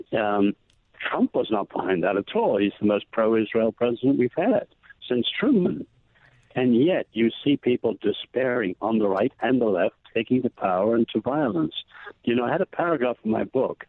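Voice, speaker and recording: A man being interviewed, arguing in a measured, emphatic way about politics. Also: on the low side, no echo. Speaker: guest. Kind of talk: political conversation. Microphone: phone line. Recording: tinny phone line, dry.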